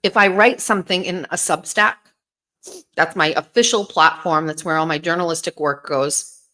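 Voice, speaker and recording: A woman's voice: on the low side, moderate pace, bright, forceful tone. A woman hosting a casual livestream, talking bluntly to her viewers with plenty of swearing and rambling restarts. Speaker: host.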